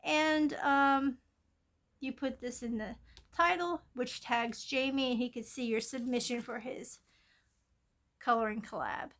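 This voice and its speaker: Filmed from overhead on a phone at her craft table, a coloring-channel host rambles casually through her coloring plans with fillers and restarts. She has a fairly high, slightly bright voice and talks a little slowly.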